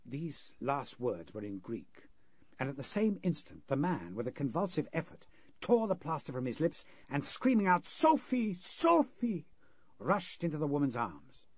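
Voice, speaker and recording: A man's voice: a little high, big pitch swings, moderate pace, darkish tone, no echo. A man playing an earnest male interpreter narrating a frightening ordeal in a 1930s radio drama. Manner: earnest, vivid storytelling.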